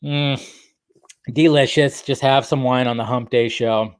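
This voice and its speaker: A man's voice: medium pitch, fairly even intonation, unhurried, clear, resonant tone. A young man hosting a casual live stream, chatting in a rambling way and talking straight to viewers in the chat. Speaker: host.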